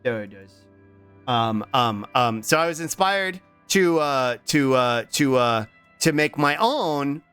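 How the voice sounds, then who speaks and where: Streamer, man, mid pitch, lively up-and-down delivery, rambly and playful, faint game music behind. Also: slow, smooth. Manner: rambling, playful, heavy on repeated fillers. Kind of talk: casual livestream chat while gaming.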